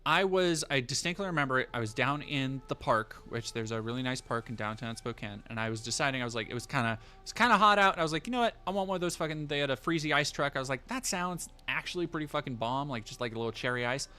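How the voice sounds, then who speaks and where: A man's voice: medium pitch, quick pace, few pauses, pushed and bright, clean tone. A man streaming live, telling a rambling, profane story in casual chat with many fillers and restarts.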